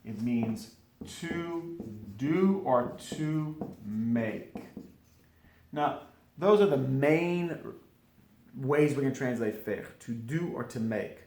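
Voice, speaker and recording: A man giving an informal French grammar lesson, drilling conjugations slowly and repeating each form with small asides. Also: medium pitch, animated, darkish tone. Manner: slow, repetitive drilling with asides. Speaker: French teacher. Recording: echoey room.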